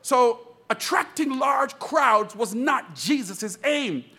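High, husky, fervent preaching man. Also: animated, takes it slowly, pushed and bright, faint music behind. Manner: fervent preaching, calls out to the congregation. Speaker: pastor. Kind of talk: sermon. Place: church pulpit.

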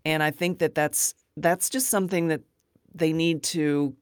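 Podcast host, dry close sound, conversational, reflective, mid pitch. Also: fairly even intonation, unhurried, clean tone, dry recording. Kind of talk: podcast interview.

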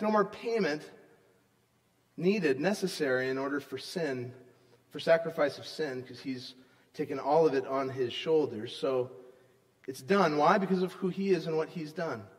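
A man preaching a sermon as pastor, emphatic, often checking in with "right?" and swinging between loud stresses and soft, low asides. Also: moderate pace. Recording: long reverb of a large hall.

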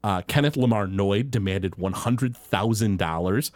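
A man's voice: fairly low pitch, a little slow, no echo. A man co-hosting a podcast in casual chat, telling stories animatedly and laughing easily. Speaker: podcast co-host.

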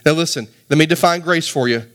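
A male pastor delivering a sermon in a fairly high voice. He preaches with animated energy, climbing to emphatic peaks and putting rhetorical questions to his listeners. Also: a little fast. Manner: addresses the congregation directly with rhetorical questions.

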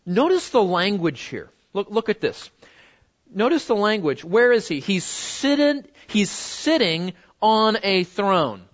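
A man teaching a Bible lesson in a conversational way, often repeating words and slowing down to stress key phrases. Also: sits high, sing-song, lo-fi sound.

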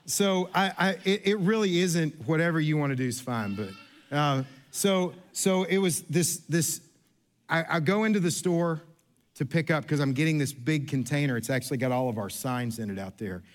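A pastor with a notably high voice delivers his sermon in a loose storytelling mode. He is chatty and self-deprecating, restarts his sentences often, and acts out the people in his stories. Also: normal speed. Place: church sanctuary.

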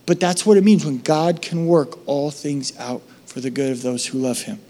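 Man, pastor, high voice, animated sermon storytelling, acts out voices, goes quiet and low for prayer. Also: normal speed, a little hiss or hum. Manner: animated storytelling, acting out voices in his anecdotes; drops to a soft, low voice for reflective and prayer moments.

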